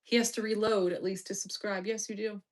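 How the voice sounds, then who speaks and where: A woman's voice: mid-range voice, little pitch movement, fairly quick, a little mellow. A woman hosting a casual live stream, reading chat with teasing, bossy remarks and swearing while distracted and muttering to herself. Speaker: livestream host reading chat.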